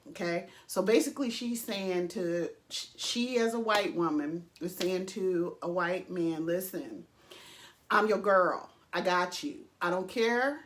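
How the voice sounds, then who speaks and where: A woman vlogger giving casual, emphatic opinion commentary, swearing freely and pausing often with fillers. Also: lowish voice. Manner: emphatic, profane, with frequent pauses and fillers.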